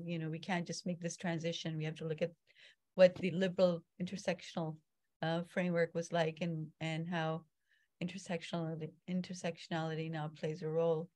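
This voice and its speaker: A woman's voice: fairly low pitch, a little mellow. A woman moderating a panel discussion, polite and hesitant, with fillers as she frames her questions.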